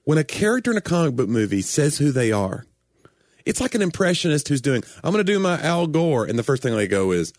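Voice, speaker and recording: Animated ranting man, lively pitch. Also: brisk, dry recording, clean studio sound. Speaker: podcast co-host. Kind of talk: casual comedic chat.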